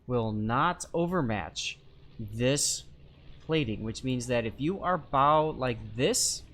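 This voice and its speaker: Chatty male game streamer explaining mechanics. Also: medium pitch. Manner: chatty, explains step by step, reads chat aloud. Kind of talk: live-stream game commentary.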